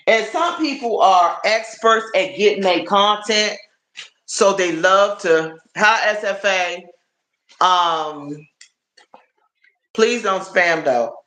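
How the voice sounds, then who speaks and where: A man's voice: high voice, sharp tone. A man chatting casually on a live stream, rambling and repeating his words as he talks to viewers. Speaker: livestreamer. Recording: roomy echo.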